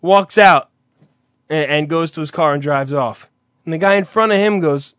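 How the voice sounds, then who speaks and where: A man's voice: a little high, moderate pace, fairly bright tone, dry recording, studio quality. A young man in casual chat who rambles through stories, swears freely and acts out other people's voices.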